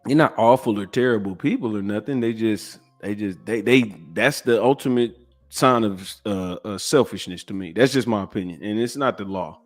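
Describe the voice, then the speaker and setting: A man's voice: lowish voice, moderate pace, soft background music. A man hosting a podcast, giving profane, preachy reaction commentary. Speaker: podcast host.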